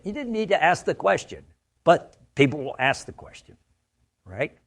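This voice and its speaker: A man's voice: mid-range voice, very animated, normal speed, vocal fry, fairly bright tone. A man from the United States giving a conversational training talk, full of stories and frequent "right?" checks. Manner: anecdotal, conversational, asks "right?" often. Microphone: studio mic.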